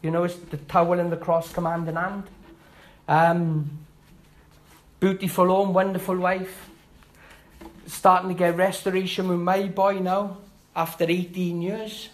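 A middle-aged man giving a personal church testimony, halting and heartfelt, with restarts and rising emphasis. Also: high-pitched, level tone, poor audio. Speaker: testimony speaker.

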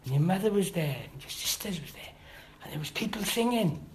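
A middle-aged man giving a personal church testimony, halting and heartfelt, with restarts and rising emphasis. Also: sits high, lively intonation, slight background noise, low-quality recording. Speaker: testimony speaker.

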